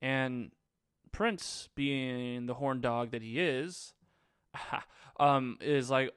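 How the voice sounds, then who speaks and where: A man's voice: mid-range voice, extremely slow, fairly bright tone, clean tone, dry recording, studio quality. A man casually recapping a movie on his own, rambling and sarcastic. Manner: rambling, sarcastic, lots of fillers. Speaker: movie reviewer.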